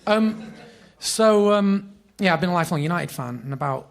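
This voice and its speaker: A man in his thirties with a Greater Manchester accent, telling lively, sweary anecdotes as a podcast guest. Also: sits high, moderate pace, vocal fry. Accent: Northern English (Greater Manchester). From Bury, England. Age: 30s. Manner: animated storyteller, swears freely, laughs often. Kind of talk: casual chat, anecdotes.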